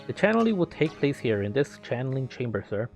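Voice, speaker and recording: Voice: mid-range voice, very animated, fairly quick. A player reading game dialogue aloud, voicing a stern, formal older woman spirit medium over game music. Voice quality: stiff, overly formal phrasing.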